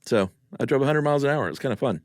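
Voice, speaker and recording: A man's voice: medium pitch, lively intonation, very fast, no echo, clean studio sound. A man, co-hosting a podcast in casual chat and telling rambling, jokey stories. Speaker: podcast co-host.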